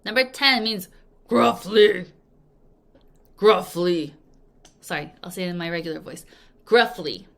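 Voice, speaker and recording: A woman teaching an English vocabulary lesson, drilling words clearly with repeat-after-me prompts and acting out examples playfully. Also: fairly low pitch, lively intonation, brisk, sharp tone. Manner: playful, acts out example sentences. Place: language school in Korea.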